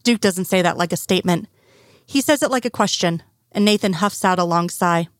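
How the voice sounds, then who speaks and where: A woman narrating a fan fiction story in a steady, even storytelling manner. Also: lowish voice, brisk, dry recording, studio quality. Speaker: audiobook narrator.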